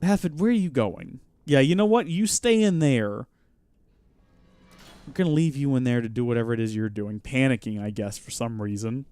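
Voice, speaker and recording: A man streams a game live, talking in a lively voice that rises and falls a lot. His chatty, jokey commentary sounds dry and close to the mic. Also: mid-range voice, moderate pace, clear, resonant tone, no room sound. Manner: chatty, jokey, reacting out loud. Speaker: host.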